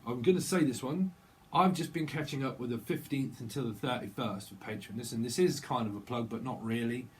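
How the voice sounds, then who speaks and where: A man's voice: mid-range voice, a little hiss or hum. A middle-aged man doing a casual, rambling tarot channeling monologue. He jumps playfully from word to word and laughs often. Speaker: tarot reader.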